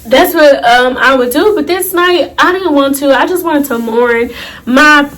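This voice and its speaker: Animated, high-voiced young woman telling a story. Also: measured pace. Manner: animated, profane, dramatic retelling with asides to viewers. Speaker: storytime YouTuber. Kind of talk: casual storytime vlog.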